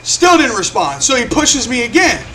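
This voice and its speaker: A man's voice: extremely high pitch, moderate pace, slight background noise. A young man telling a story in a casual, profane way, acting out what people said. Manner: animated, profane, acts out quotes. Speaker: vlogger.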